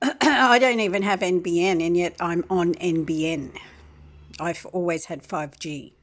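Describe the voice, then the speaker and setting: A woman in her sixties, rambling through a complaint to the camera and clearing her throat often. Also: fairly low pitch, a little slow. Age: 60s.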